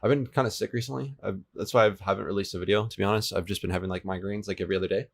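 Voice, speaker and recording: A man's voice: lowish voice, fairly even intonation, rapid-fire, gravelly. Laid-back young man chatting on a stream. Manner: laid-back, chatty, answers viewers' chat as he works. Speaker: livestreamer coding a game server. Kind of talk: casual livestream chat. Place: home room with an air conditioner running. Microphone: desk microphone, switching between two.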